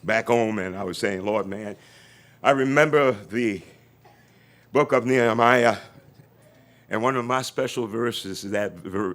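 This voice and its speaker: A man giving an invocation at an outdoor event, praying fervently and leading the crowd in call-and-response lines. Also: medium pitch. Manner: fervent, rising to near-shouts, leads crowd responses.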